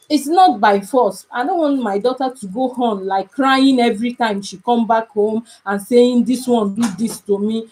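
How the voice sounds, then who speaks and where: A woman's voice: fairly high pitch, normal speed, hardly any pauses, a little mellow, rough recording. A young woman with a Nigerian English accent, chatting casually on a live stream as a mother, emphatic and repetitive, often pleading.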